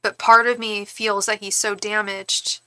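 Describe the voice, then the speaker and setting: A woman's voice: medium pitch, level tone, measured pace, bright, forceful tone, smooth, no room sound. A woman giving tarot readings to viewers on a live stream, speaking reassuringly and addressing them by name.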